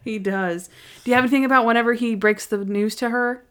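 A woman's voice: fairly high pitch, steady tone, fast, a crowd in the background. A woman co-hosting a podcast, chatting casually and laughing often as she retells scenes from an episode, acting out the characters' lines. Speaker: podcast co-host. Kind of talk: casual chat recapping a TV episode.

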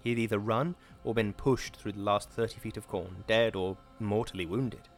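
Male narrator, lower-pitched, steady dramatic delivery over soft music. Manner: measured, dramatic reading. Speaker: audiobook narrator. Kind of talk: scripted narration.

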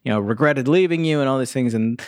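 Relaxed male podcast co-host. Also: mid-range voice, fast, dry recording, studio quality. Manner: relaxed, reflective, many "like" fillers. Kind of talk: casual movie review chat.

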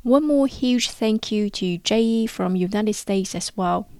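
Slow, clear-spoken woman podcast host. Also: mid-range voice, mellow, no room sound. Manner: speaks slowly and clearly. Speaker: podcast host and Chinese language teacher. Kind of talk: podcast outro reading listener messages.

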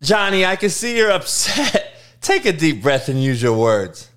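A man playing an overly gentle modern parent who talks in a soft, coaxing, patient way. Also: fairly high pitch, big pitch swings, a little slow.

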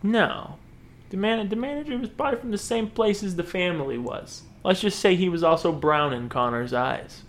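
A man's voice: sits high, moderate pace, a little hiss or hum. A man telling a funny story in casual podcast chat, laughing often and acting out the voices of people in it. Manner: animated, laughing, acts out voices in quotes. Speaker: podcast host.

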